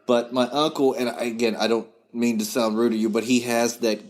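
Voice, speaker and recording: A man's voice: medium pitch, little pitch movement, a little fast, a little mellow. A man with a West Virginian drawl, a podcast guest telling family stories in casual chat. He chuckles as he talks and acts out his relatives' voices.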